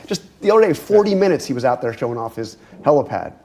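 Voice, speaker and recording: A man interviewing a politician, pressing and probing, with halting restarts. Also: mid-range voice, very animated, dark tone.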